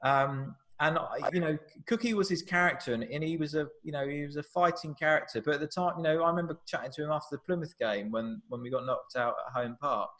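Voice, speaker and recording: Animated male film director telling stories. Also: a little high, quick pace, hardly any pauses. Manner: animated storyteller, acts out quotes, frequent restarts. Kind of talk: live Q&A conversation.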